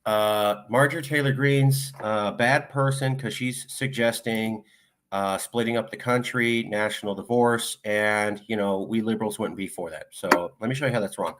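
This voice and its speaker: Male political commentator, lowish voice, casually reading viewer comments aloud in quick succession. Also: fairly even intonation, fairly bright tone.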